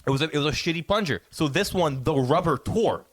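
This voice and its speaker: A man's voice: on the high side, expressive, quick pace, no room sound. Man, podcast co-host, rambling story, stammering restarts, swears a lot, dry close mic. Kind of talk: casual storytelling.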